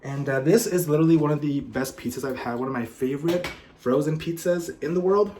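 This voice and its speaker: A man's voice: fairly high pitch, a little fast, a little mellow, low-quality recording. Young male vlogger, casual mukbang chat, self-deprecating, eating as he talks, faint room noise. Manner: chatty, swearing, self-mocking, laughs often; talking while eating. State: slightly out of breath. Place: home apartment, indoors. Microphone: camera set in front.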